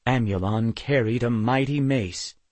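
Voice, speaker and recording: A man narrating a fantasy novel as an audiobook, in an even, clear storytelling manner. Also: mid-range voice, a little slow, dry recording. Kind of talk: scripted narration.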